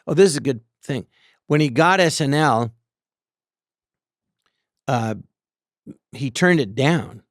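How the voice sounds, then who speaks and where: A man telling stories as a guest on a live podcast, animated and quick to slip into character voices. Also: mid-range voice, dry recording, clean studio sound. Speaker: guest comedian. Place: theater stage.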